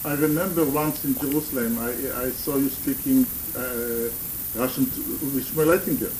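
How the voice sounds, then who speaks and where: A man interviewing, asking halting questions with frequent stammers and restarts. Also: medium pitch, darkish tone, a little hiss or hum, poor audio. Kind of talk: recorded conversational interview.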